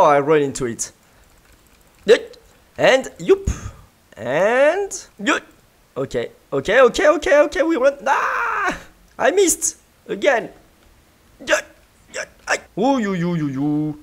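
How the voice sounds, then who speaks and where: A gaming video creator giving playful let's-play commentary, full of yelps, giggles and mouth sound effects. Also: mid-range voice.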